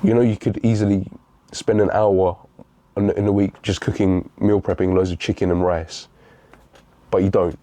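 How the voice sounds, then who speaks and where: A man's voice: sits low, level tone, moderate pace, dark tone, dry recording. A young man giving a blunt, repetitive motivational talk, calling the listener bro. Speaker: fitness motivational speaker.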